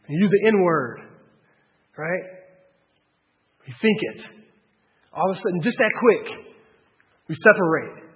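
Male pastor, high voice, lively conversational sermon, dull sound with long hall reverb. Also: slow, pauses often. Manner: animated, shifts from low asides to loud outbursts; conversational, street-style phrasing with rhetorical questions.

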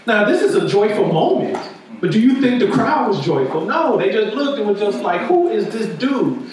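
A man with a high voice preaches a sermon in a casual, conversational way, tossing "right?" to the room again and again. His voice rings through a very echoey church hall, caught from a distance with a faint hum of room noise behind. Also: big pitch swings, normal speed. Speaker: pastor.

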